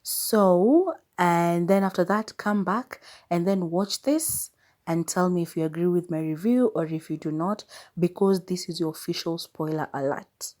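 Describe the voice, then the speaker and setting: A woman's voice: fairly low pitch, a little slow, a little mellow. A young Kenyan woman hosting a podcast, chatting casually as she retells a film and quotes its characters. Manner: chatty, retells scenes with quoted lines and laughs. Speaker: podcast host.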